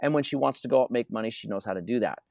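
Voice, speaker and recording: The voice is medium-pitched, creaky, and a little mellow, delivered rapid-fire in a dry recording. It belongs to a North American man interviewed as a wealth coach, who talks energetically, tells stories with emphasis, and repeats key phrases.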